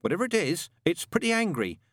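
A woman's voice: fairly low pitch, sing-song, quick pace, no echo, clean studio sound, pitched above the performer's own voice. A man voicing a blunt, skeptical young woman. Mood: wry.

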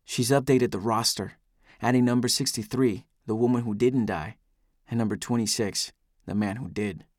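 A man's voice: medium pitch, fairly even intonation, moderate pace, darkish tone, dry recording, studio quality. A man giving an intense, brooding first-person audiobook narration.

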